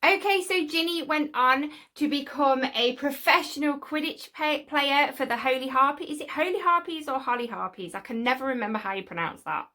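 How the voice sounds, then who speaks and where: High, bright-voiced woman fan vlogger. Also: brisk, few pauses. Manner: chatty, with excited asides. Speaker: fan channel host. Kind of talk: casual fan vlog talk.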